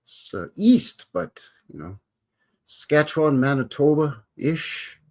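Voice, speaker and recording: A man from Alberta hosts a casual live stream in folksy cowboy talk, greeting viewers as they come in. His voice is a touch husky and swings widely in pitch. It sits a little higher than most men's. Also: big pitch swings, slow pace. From Alberta, Canada. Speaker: livestream host.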